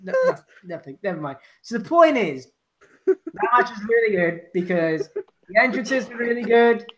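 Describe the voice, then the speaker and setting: A woman co-hosting a casual wrestling chat, rambling and laughing, loud when teased. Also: medium pitch, big pitch swings, moderate pace, slight background noise. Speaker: podcast co-host.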